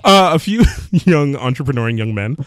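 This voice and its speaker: A man's voice: medium pitch, animated, normal speed, no room sound, clean studio sound. A man co-hosting a casual podcast, laughing often and swearing freely as he tells a story. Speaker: podcast co-host. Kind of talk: casual chat.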